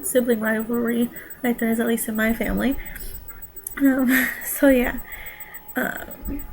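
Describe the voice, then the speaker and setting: A woman's voice: fairly high pitch, creaky, slight background noise, poor audio. A young woman vlogging a casual pregnancy update, rambling and nervous.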